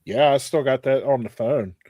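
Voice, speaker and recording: A man co-hosting a podcast, teasing his friends in relaxed chat. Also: medium pitch, moderate pace, dry recording. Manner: laid-back, teasing. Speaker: podcast co-host. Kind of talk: casual chat.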